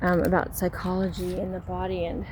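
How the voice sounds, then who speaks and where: A woman's voice: fairly low pitch, monotone, brisk, a little mellow, slight background noise. A middle-aged woman with a Southern Californian accent, talking candidly and rambling while she walks her dog outdoors, recorded on a phone. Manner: candid, rambling, restarts often. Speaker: vlogger. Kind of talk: casual personal talk while walking a dog. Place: outdoors on a street. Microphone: phone held while walking.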